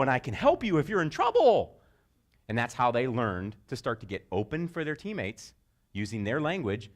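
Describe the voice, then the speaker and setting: A middle-aged man giving a motivational talk to sports parents, telling stories and jumping into high shouted voices for quotes. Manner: animated storyteller, jumps into high-pitched shouted voices for quotes. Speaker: speaker.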